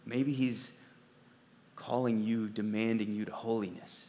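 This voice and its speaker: A man preaching a sermon as pastor, swinging from quiet, low asides to loud, emphatic peaks. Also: level tone, measured pace. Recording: long reverb of a large hall.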